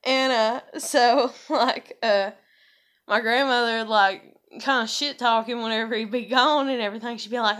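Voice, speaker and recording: A woman's voice: a little high, fairly even intonation, moderate pace, a bit bright. A woman talking in a casual vlog, rambling and profane, with lots of "like" and "you know.". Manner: heavy use of fillers "like" and "you know". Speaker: vlogger.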